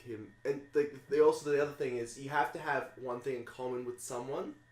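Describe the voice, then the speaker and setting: A man on a casual podcast explains a film plot, easygoing and a little hesitant. His voice is at a middling pitch. A roomy echo hangs around the recording. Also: a little fast. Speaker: podcast co-host.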